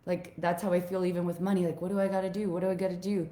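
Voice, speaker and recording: A woman's voice: on the low side, flat delivery, very fast, dark tone, roomy sound. A woman life coach talking raw and heartfelt to her viewers, swearing freely as she opens up about old pain. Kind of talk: emotional personal vlog to viewers.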